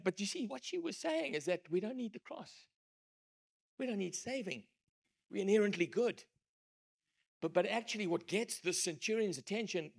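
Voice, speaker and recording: Gravelly preacher. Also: male voice, a little high. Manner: emphatic storytelling, swings between loud and hushed. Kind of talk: sermon.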